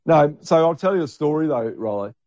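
Middle-aged man, warm dark tone, dry close sound, blunt rambling chatter. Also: a little high, expressive, brisk, dry recording, lo-fi sound. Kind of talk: casual chat.

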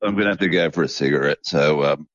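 A man's voice: a bass voice, quick pace, dry recording. A man co-hosting a casual podcast chat, rambling, chuckling and swearing offhandedly, recorded in dull lo-fi sound. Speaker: podcast co-host. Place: home balcony.

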